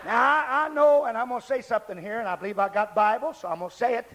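A man preaching a revival sermon, shouting at the climaxes and dropping low for asides. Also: quick pace, slight background noise. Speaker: pastor.

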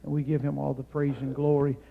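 A male guest preacher and missionary giving a Pentecostal sermon in a church, climbing to shouted peaks, then dropping into calm storytelling, with "amen" and "hallelujah" scattered throughout. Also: fairly high pitch, vocal fry, phone-quality sound. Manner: fills pauses with "amen" and "hallelujah". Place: church sanctuary.

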